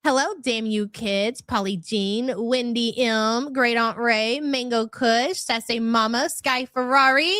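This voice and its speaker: A woman with a slightly high voice speaks slowly with few pauses and fairly even intonation, sounding a bit bright in a dry, studio-quality recording. Hosting a casual livestream while fighting a cold, she chats as she greets viewers one by one, reading out their names and calling them hun.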